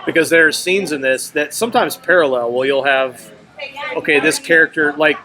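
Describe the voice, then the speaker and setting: A man co-hosting a casual film review chat, animated and laughing, swearing freely. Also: on the high side, normal speed, rough recording. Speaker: podcast co-host reviewing films.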